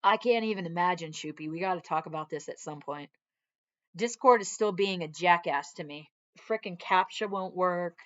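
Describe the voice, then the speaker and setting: A woman's voice: on the low side, moderate pace, fairly bright tone, highs cut off. A woman Air Force veteran talking earnestly in a casual vlog, her arm in a sling, chatting on and breaking off to scold her dog. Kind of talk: casual heartfelt vlog talk.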